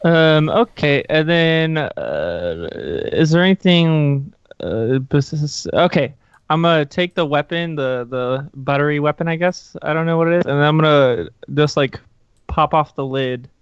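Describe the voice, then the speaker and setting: Man player, smooth voice, halting, dry muffled audio. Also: a little high, no echo. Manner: halting, thinking aloud. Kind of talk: tabletop game play.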